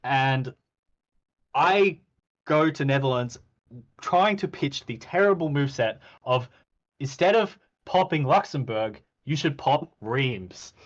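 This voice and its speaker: A man talks casually and keeps slipping into acted-out quotes, with frequent ums and restarts. His voice sits at an ordinary middle pitch. The sound is a little dull and lo-fi. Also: takes it slowly. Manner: animated storytelling, acts out quoted exchanges, frequent ums. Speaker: podcast host reviewing a game. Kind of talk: casual game recap chat.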